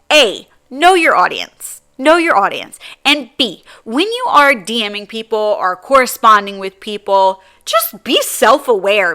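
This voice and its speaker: A woman's voice: mid-range voice, pushed and bright. A woman hosting a solo podcast, talking casually and bluntly, swearing freely and flaring into heated rants. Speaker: podcast host.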